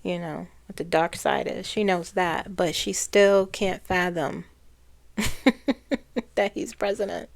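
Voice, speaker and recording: A woman's voice: fairly low pitch, steady tone, takes it slowly, vocal fry, long pauses. A woman psychic talking casually about a spirit she channeled, rambling and often restarting her phrases.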